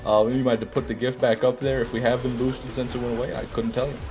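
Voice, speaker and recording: A man's voice: medium pitch, flat delivery, fast. A man hosts a game stream and talks loosely with his chat. His banter is sarcastic and full of jokes. Faint music plays underneath his voice. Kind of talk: casual live-stream commentary.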